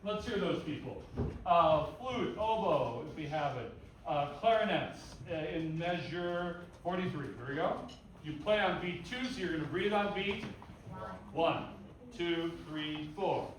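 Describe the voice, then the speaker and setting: A band clinician leads rehearsal in a big hall, counting the group in and vocalizing rhythms on syllables while the band plays. Heard from afar with some echo and slight noise, his voice sits a little high and comes across animated but a touch slow.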